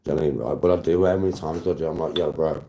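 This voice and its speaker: A man's voice: very deep voice, very fast, mellow. A man live-streaming, chatting to his viewers in casual banter, laughing often and swearing freely.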